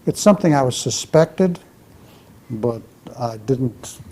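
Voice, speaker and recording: A man's voice: mid-range voice, lively intonation, slow, dark tone, slightly rough. A man, an ambassador, giving an emphatic public talk full of stories and answering audience questions as he moves around. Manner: emphatic storyteller, restless, moves around while speaking. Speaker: ambassador speaking at a forum.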